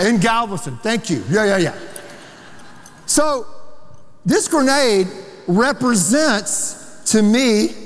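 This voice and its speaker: A man pastor preaching an emphatic, animated sermon in a large church sanctuary, with asides to the congregation. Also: very high voice. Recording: long hall reverb of a big sanctuary.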